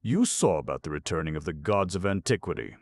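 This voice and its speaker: A man voicing a self-assured gentleman host who answers in a calm, amused, teasing way. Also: low voice, fast talker.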